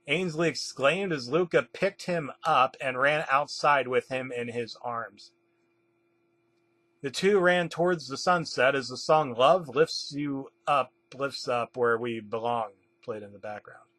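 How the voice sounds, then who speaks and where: A man narrating a comedic creepypasta in a deadpan storytelling manner. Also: mid-range voice, unhurried.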